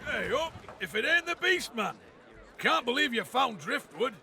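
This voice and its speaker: Loud gravelly dwarf, super high squeaky voice, shouting jokes. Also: male voice, big pitch swings, moderate pace, heavily acted. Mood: rowdy teasing. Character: boisterous male dwarf drunkard joker. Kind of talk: video game voice acting.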